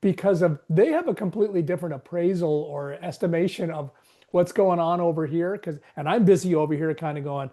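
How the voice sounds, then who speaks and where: A man's voice: fairly high pitch, brisk, mellow. A man talking in a casual group discussion, rambling and acting out his own inner dialogue. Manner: rambling, self-questioning, acts out inner dialogue. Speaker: webinar participant.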